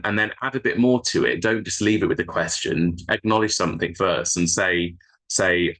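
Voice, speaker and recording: A man from a charity's helpline team, explaining listening and messaging tips in a conversational, halting way with frequent restarts. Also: low-pitched, sharp tone, low-quality recording. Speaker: charity helpline staff member.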